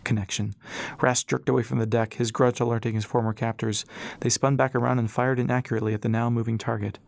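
A man reading an adventure novel aloud as narrator in a steady storytelling manner. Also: mid-range voice, fast talker, creaky, no echo. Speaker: audiobook narrator. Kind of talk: scripted narration.

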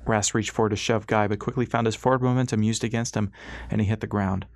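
A man narrating an audiobook chapter in a steady, even reading. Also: lowish voice, quick pace, creaky, no echo, clean studio sound. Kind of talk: scripted narration.

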